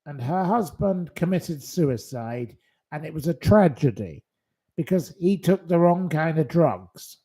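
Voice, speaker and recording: Creaky-voiced man ranting indignantly. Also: on the high side, expressive, unhurried, warm tone. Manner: indignant, scolding, hurling insults. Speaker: channel host. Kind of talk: angry livestream rant.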